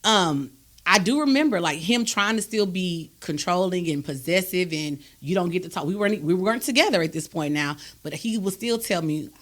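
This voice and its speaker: A woman, hosting a podcast and telling a personal story in a candid, animated, emphatic way. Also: on the low side, moderate pace. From Texas, USA. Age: adult, raised a grown son. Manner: emphatic and animated, with frequent "do you understand me?". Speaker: podcast host.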